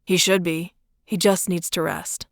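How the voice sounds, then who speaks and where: A woman's voice: lowish voice, flat delivery, measured pace, dry recording, clean studio sound. A woman reading a firm, protective young man. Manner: firm and soothing. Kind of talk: audiobook character reading.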